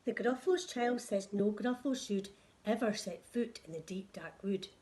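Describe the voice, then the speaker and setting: A woman nursery teacher reading a picture book to young children in a clear, sing-song read-aloud voice. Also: medium pitch, normal speed, darkish tone.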